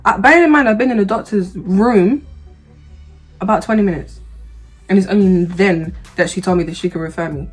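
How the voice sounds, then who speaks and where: Animated, slangy woman telling a story. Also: mid-range voice, fairly quick, breathy edge, faint music behind. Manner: animated, humorous, slangy, turns heated when reliving anger. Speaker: vlogger. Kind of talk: casual storytelling.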